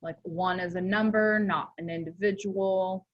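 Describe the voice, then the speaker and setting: A woman's voice: on the low side, fairly even intonation, measured pace, lo-fi sound. A young woman teaching a class in a casual, chatty way, full of filler words and self-corrections. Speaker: instructor.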